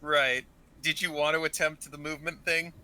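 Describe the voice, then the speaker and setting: A man with a very bright, sharp voice runs an online tabletop game. He gives short rulings and drops dry jokes between turns. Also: a little high, steady tone, normal speed, clean tone. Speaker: game master.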